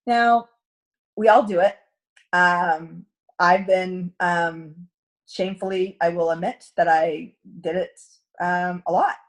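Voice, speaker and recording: A middle-aged Canadian woman coaches a direct sales team in a chatty, story-driven talk, acting out quoted dialogue. Her voice is fairly low, steady in tone and slow.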